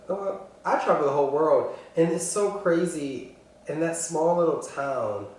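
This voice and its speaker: A young man telling his personal story earnestly, halting often and restarting his sentences. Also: medium pitch, darkish tone, far from the mic. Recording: echoey room, voice from afar.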